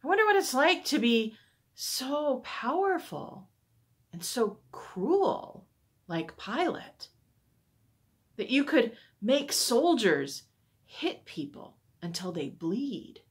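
A woman reading a Bible story to children, expressive and gentle-paced, pausing to ask wondering questions. Her voice is soft and breathy. The pitch swings up and down freely. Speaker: church staff storyteller for children.

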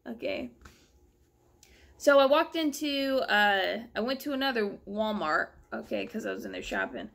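A young woman tells a long, rambling story to her camera at home, animated and exasperated. Her voice sits a little high and has a gravelly edge of vocal fry. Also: normal speed. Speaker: vlogger. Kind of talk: casual storytelling vlog.

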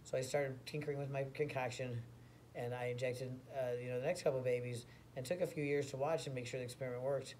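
A man tells an absurd tall tale in a rambling, mock-boastful way. His voice has an ordinary, mid-range pitch for a man. A faint background hiss sits under the recording. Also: fairly even intonation, quick pace, a little mellow. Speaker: comedy storyteller.

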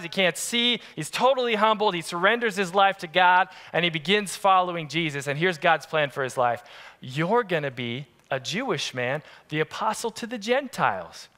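A pastor in his adult years preaches a sermon, spinning a comic story and tossing playful asides to his listeners. His voice sits high for a man and has a bright, sharp ring to it. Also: smooth.

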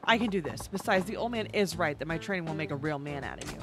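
A woman's voice: low-pitched, expressive, quick pace. A woman voicing a tough, brash woman fighter who mocks and bosses people, with game music behind. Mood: gruff. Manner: scornful, swaggering.

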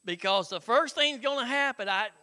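High, bright-voiced pastor. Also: male voice, moderate pace. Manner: folksy, conversational preaching with frequent "Hello?" call-outs and chuckles. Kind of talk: sermon.

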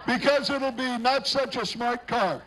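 A man does live commentary for an outdoor street parade, joking and bantering with the entrants passing by. His voice is very high and a bit bright, at a measured pace, on a rough recording with slight background noise.

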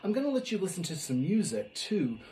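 A woman teacher giving a lesson on rhythms, chanting and singing the patterns in drawn-out repetitions. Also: lowish voice, very animated, mellow, roomy sound, slight background noise. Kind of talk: sing-song classroom lesson.

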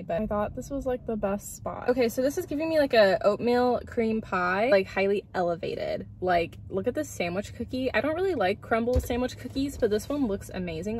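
A woman's voice: mid-range voice, darkish tone, slight background noise. A young woman chatting casually as she reviews and tastes food, gushing with little hums and lots of "like". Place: outdoors near a road, cars passing.

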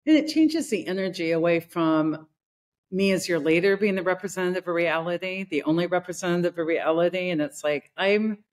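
A middle-aged woman with a somewhat low voice tells a story in a relaxed podcast conversation. She talks animatedly and slips into the voices of the people she quotes. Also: brisk. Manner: animated, acts out quoted people in her stories. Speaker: leadership consultant and host.

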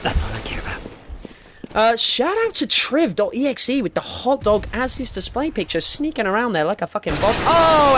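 Excitable sweary young man gaming. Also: noisy background. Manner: excitable, sweary, yelps up into squeaky highs. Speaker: gaming YouTuber. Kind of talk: live gameplay commentary. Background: game music and gunfire.

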